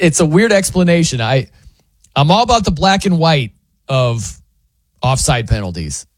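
Animated man talking sports on radio. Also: medium pitch, a little slow, no room sound, studio quality. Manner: animated, jokey storytelling with acted-out quotes. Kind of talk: casual sports talk monologue.

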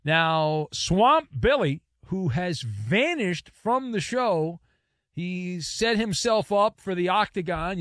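Animated high-voiced male sports talk host. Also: no echo, clean studio sound. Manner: playful and theatrical, with joking asides and repetitions. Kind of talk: sports talk radio with live-read ads.

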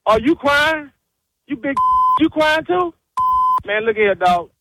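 A man's voice: extremely high pitch, lively intonation, takes it slowly. A man on a phone call, laughing off accusations in a dismissive, defiant way. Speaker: prank call target. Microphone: phone line. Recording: noisy phone line.

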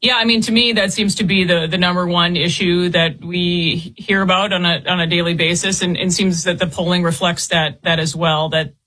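A woman reporter speaks as an interview guest in a bright voice with a husky edge. She halts often and repeats words as she explains. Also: on the low side, fairly even intonation, moderate pace, hardly any pauses, rough recording.

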